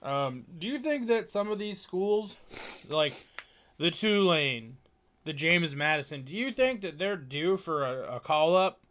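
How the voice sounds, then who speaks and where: A man's voice: on the high side, expressive, unhurried, a bit bright. A young man trades sarcastic jokes about college football with a co-host. He swears freely in a loose, casual chat. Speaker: podcast co-host.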